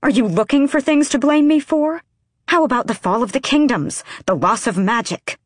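A woman voicing a defiant young queen who speaks in heated, forceful bursts. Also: on the low side, a little slow, breathy edge, no echo, clean studio sound. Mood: furious. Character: fiery young queen, sharp-tongued and defiant.

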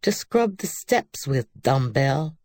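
Bossy scornful girl, as a woman reads her, raised pitch, dry close sound. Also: sing-song, slow pace, darkish tone, no echo, full character voice.

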